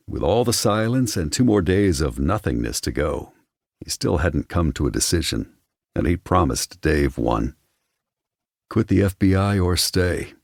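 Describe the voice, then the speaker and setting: A man giving measured, wry scripted narration of an audiobook on a close studio mic. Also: deep voice, gravelly, darkish tone, dry recording.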